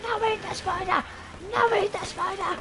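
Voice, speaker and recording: A man's voice: very high-pitched, steady tone, normal speed, pitched above the performer's own voice. A man with a British accent mimicking a frantic little girl who squeals at him. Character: shrieking upset little girl.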